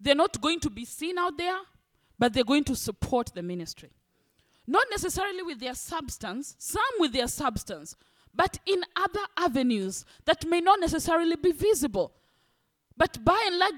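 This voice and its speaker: A woman preaching a sermon, animated, acting out the voices of church members. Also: high-pitched, normal speed. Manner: animated, acts out congregants' voices.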